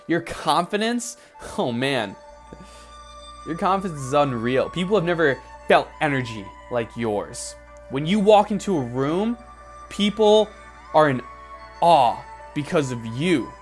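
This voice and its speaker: A man leading a guided visualization as a motivational speaker, emphatic and repetitive, rising to excited peaks. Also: fairly high pitch, measured pace. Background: faint background music.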